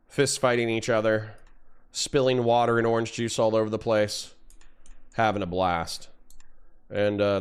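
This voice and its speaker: A man in his thirties talking casually on a livestream, rambling and chatty, yawning now and then as he warms up. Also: mid-range voice, smooth. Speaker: streamer.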